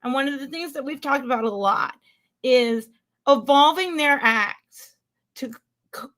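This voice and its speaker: A woman's voice: high voice, a little slow, fairly bright tone. A woman co-hosting a podcast in casual chat, telling stories and making emphatic, opinionated points. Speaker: podcast co-host.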